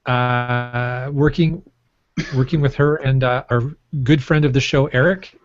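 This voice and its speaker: A man's voice: mid-range voice, fairly even intonation, a little slow, no echo. Guy cohosting a podcast, rambly and jokey, dry muffled sound. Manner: rambling, jokey, laughs often. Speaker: podcast co-host. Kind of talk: casual chat. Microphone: microphone on a stand.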